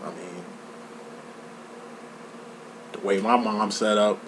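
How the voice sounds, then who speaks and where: A man giving a casual tarot reading, talking in a profane, slang-heavy, animated storytelling way. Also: fairly low pitch, slow, noisy background. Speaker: tarot reader. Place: lives in Chicago.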